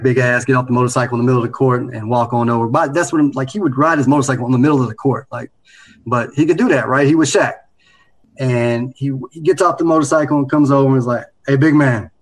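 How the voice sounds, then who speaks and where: A man in his late thirties, co-hosting a podcast, telling a story in a relaxed, casual chat that grows animated. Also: mid-range voice, low-quality recording. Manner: laid-back, animated when telling a story. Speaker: podcast co-host.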